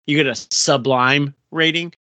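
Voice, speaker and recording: A man co-hosting a casual talk show about video games, rambling along with plenty of fillers and restarts. His voice is bright and forceful, and it sits dry and close to the mic. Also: a little high, fairly even intonation, a little slow, dry recording.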